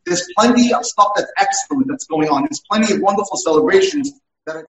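A man recounting his cases as a dating mentor in an earnest, storytelling way. His voice is high for a man and sounds roomy and far from the microphone. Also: animated, fast talker. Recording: echoey, distant mic.

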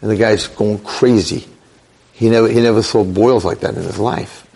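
A middle-aged male rabbi telling a dramatic story in a sermon, with animated delivery. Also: on the low side, normal speed, creaky, slightly rough. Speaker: rabbi lecturer.

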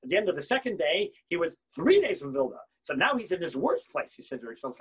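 A man giving an animated Torah talk on repentance, swinging between loud bursts and near-whispers. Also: a little high, fast talker, few pauses, breathy edge.

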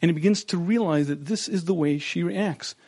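Man, middle-aged, marriage seminar lecture, slightly high voice, clears throat often, storytelling, dry close sound. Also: brisk, a little mellow, no echo. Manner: storytelling, acts out quotes. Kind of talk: lecture to couples.

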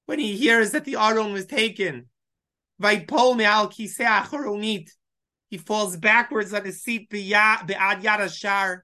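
A man teaching a Bible lesson verse by verse, reading lines aloud and explaining each in English. His voice is bright and clear, and his delivery is emotional, sometimes choked up. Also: high voice. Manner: reads Hebrew verses then explains in English. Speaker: Torah teacher. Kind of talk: text study lesson, translating verse by verse.

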